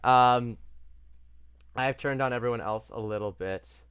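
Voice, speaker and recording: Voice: mid-range voice, measured pace, fairly bright tone, clear, resonant tone, no room sound. A game master narrating a tabletop game over a voice call, casual and hesitant with many fillers. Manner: hesitant, lots of uh and restarts, casual. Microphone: desk mic on a voice call.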